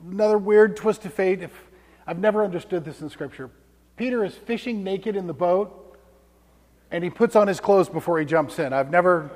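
High-voiced male pastor in reverberant church. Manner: conversational storytelling, dropping to hushed tones for emphasis. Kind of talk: sermon. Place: church sanctuary.

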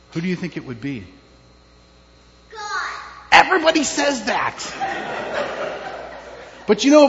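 A man's voice: high-pitched, noisy background. A man, a pastor, giving a children's sermon in a church, telling a story with questions to the kids. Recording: dull with long church reverb.

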